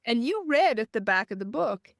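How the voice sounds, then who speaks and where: A woman guest telling a personal story in an interview, animated and acting out the voices she quotes. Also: fairly high pitch, moderate pace, creaky, dry recording, clean studio sound. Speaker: guest author.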